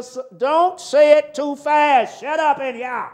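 An older man preaching a live sermon, fervent and swinging from loud exclamations to low murmurs. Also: measured pace, few pauses. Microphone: live stream.

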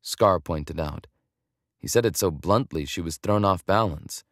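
A man reading a romance audiobook in a measured, even storytelling manner. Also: low-pitched, dry recording, studio quality. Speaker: audiobook narrator. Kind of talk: scripted romance narration.

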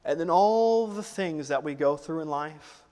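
High-voiced young preacher in a reverberant church. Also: male voice, expressive, unhurried. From United States. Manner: swings from loud preaching to quiet, emotional storytelling. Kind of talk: sermon. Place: church auditorium.

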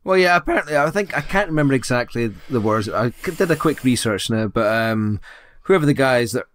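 A man co-hosting a podcast, chatting casually about films, incredulous and quick to laugh. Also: mid-range voice. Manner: animated, laughs often, incredulous. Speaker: podcast co-host. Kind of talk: casual film chat.

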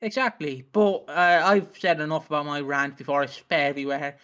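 A man's voice: a little high, brisk, bright, forceful tone, clear, resonant tone. Ranting, foul-mouthed man co-host. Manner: ranting, heavy swearing. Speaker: podcast co-host. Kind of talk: casual podcast chat.

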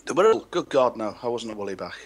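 A man's voice: mid-range voice, big pitch swings, fast, a little hiss or hum. A man from Liverpool, a guest on a talk show, trading proud, joking banter. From Liverpool, England.

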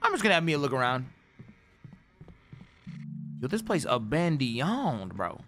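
A man streaming a game, reacting with excitable, profane, slangy banter. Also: on the high side, unhurried. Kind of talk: live gameplay reaction. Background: game music.

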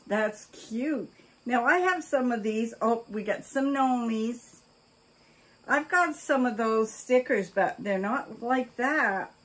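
A woman's voice: fairly high pitch, a bit bright, slightly rough. An older woman chatting casually while she opens fan mail, gushing with oohs, gasps and exclamations of delight. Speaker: vlogger opening fan mail. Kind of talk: casual mail-opening chat.

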